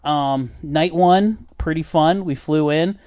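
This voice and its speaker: A man's voice: a little high, takes it slowly, darkish tone, no echo, clean studio sound. A man telling a long travel story in a casual podcast chat, full of fillers and quoted voices. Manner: rambling storyteller, many fillers and acted quotes. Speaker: podcast host.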